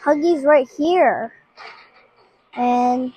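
A woman's voice: sits high, slow, pauses often. A woman giving casual, playful gameplay commentary, chatting to her viewers as she plays. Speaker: gaming channel host.

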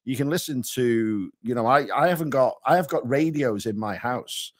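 A man's voice: mid-range voice, normal speed. A man, a radio presenter chatting in an easygoing, rambling way. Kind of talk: casual chat.

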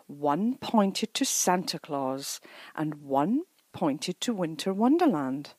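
A woman's voice: sits low, slightly rough, no room sound. A woman reading a children's picture book aloud as a storyteller. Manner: slow, lively storytelling.

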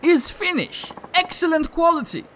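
A man's voice: extremely high pitch, lively intonation, moderate pace, sharp tone, slight background noise, pitched above the performer's own voice, heavily acted. A man doing a clipped broken-English forger. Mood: curt. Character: shady male forger, curt.

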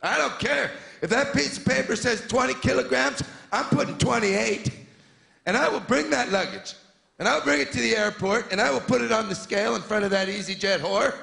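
A brash male stand-up comedian with a high, gravelly voice that swoops a lot and keeps bursting into shouts. He stretches out his punchlines on stage into a handheld mic. The sound is echoey, with a loud audience all around. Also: brisk. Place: comedy club stage before a live audience.

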